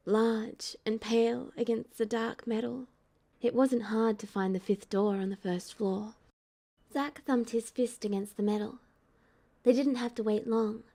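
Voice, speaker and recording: A woman narrates a story aloud in a calm, steady read. Her voice is mellow and warm, set a little high for a woman. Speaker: fan audiobook reader. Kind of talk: audiobook narration.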